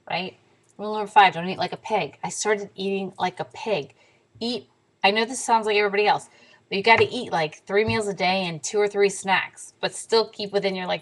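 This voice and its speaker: A young woman telling a story in a casual vlog to camera, animated and swearing freely, sometimes dropping to a whisper. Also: medium pitch, low-quality recording. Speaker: diet vlogger.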